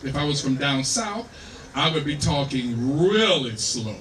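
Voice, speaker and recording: A man's voice: mid-range voice, sing-song, fairly bright tone, a little hiss or hum. An American man from California, a musician giving an easygoing talk on music between songs, checking in with his audience as he goes. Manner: easygoing, unhurried, checks in with "right?". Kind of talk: lecture between songs at the piano. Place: live performance room. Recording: roomy sound from a distant mic. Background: piano playing.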